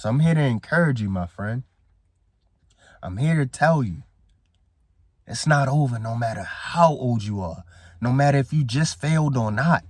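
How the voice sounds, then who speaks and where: A man's voice: medium pitch, lively intonation, moderate pace, pauses often, a little mellow, no room sound, clean studio sound. A man giving a casual motivational talk as a coach, emphatic and preachy, who repeats his phrases for effect. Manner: casual, slangy speech. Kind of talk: motivational speech to camera.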